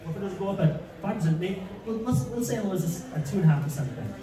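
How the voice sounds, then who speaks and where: Man presenting a seminar, lively, rhetorical, recorded far off with audience in the room. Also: high voice, quick pace, a crowd in the background. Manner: animated, rhetorical questions, mock panic. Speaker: real estate investing speaker. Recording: echoey room, distant mic, audience.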